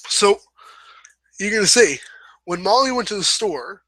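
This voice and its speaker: A man's voice: high voice, lively intonation, unhurried, sharp tone, no room sound, rough recording. A young man giving a casual writing lesson, rambling a bit and correcting himself as he goes. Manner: rambling, self-correcting, apologetic asides. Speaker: host. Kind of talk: casual instructional talk.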